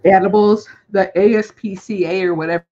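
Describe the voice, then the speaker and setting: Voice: medium pitch, fairly quick. A guest speaking casually and chattily on a live stream, agreeing often and telling everyday stories. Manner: chatty, relaxed, with frequent fillers and agreement. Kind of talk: casual chat. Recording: dull lo-fi call audio with faint noise.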